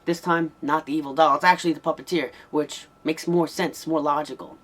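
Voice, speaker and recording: A man's voice: on the high side, fairly even intonation, fairly quick, fairly bright tone. A man giving a casual, rambling spoken review of an old horror tape, with frequent ums and restarts. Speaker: VHS movie reviewer.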